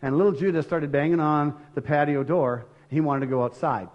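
A man's voice: on the high side, brisk, highs cut off. An older man preaching a conversational sermon in an earnest tone, with frequent restarts.

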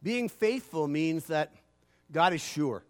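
A man pastor preaching a sermon, swinging from loud swells to quiet asides and acting out imagined voices. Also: a little high, expressive, takes it slowly. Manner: acts out imagined phone calls in a grumbling aside voice.

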